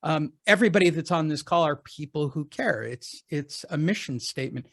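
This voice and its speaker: A talkative man with a somewhat higher-than-usual voice for a man. He chats casually on a call, spinning anecdotes and tossing in joking asides. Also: lively intonation, brisk. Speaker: real estate coach.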